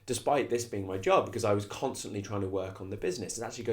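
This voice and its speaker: A man's voice: on the low side, rapid-fire, darkish tone. A middle-aged man, giving a reflective, conversational self-help talk as a coach and often restarting his phrases. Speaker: coach and consultant.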